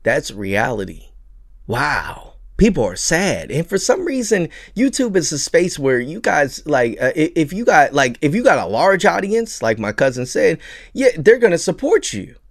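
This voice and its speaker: Man, New York accent, trucker vlog, lively swooping pitch, dry close sound. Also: moderate pace, no room sound. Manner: animated, stammering restarts, mocking put-on voices. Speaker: trucker vlogger. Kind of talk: casual vlog rant. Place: truck cab.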